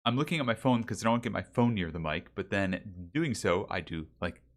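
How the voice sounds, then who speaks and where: Brisk and lowish-voiced, this gamer hosts a casual livestream, wandering from topic to topic while talking to chat and calling out viewers' names. His desk mic has a pop filter and windsock.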